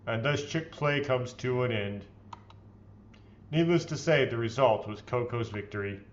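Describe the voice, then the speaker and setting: A man reads visual novel lines aloud with playful theatrical flair as the host of a let's play, mixing in his own remarks. His voice sits at an ordinary middle pitch. The home recording sounds dull and a bit lo-fi. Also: a little slow, a little hiss or hum. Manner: expressive, playfully theatrical reading. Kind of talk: reading visual novel text aloud with commentary.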